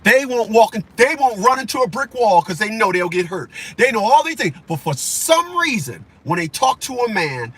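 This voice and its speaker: A man's voice: sits high, very animated, normal speed, hardly any pauses, a bit bright, slightly rough. A man delivering a heated, profane opinion rant as a vlogger, repeating himself for emphasis.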